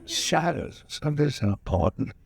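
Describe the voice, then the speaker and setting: A man's voice: a little high, wildly swooping pitch, unhurried, gravelly, slightly rough. An older man, a guest actor at a screening Q&A, telling loose, profane, laughing anecdotes on a cinema stage. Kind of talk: rambling anecdotal storytelling. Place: cinema stage before a live audience.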